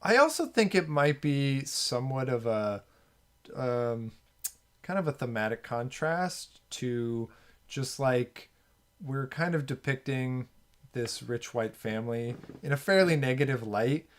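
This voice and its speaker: A man hosts a casual film discussion podcast, rambling through his points with plenty of fillers and restarts. His voice sits at an ordinary middle pitch. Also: lively intonation, unhurried. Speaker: podcast host.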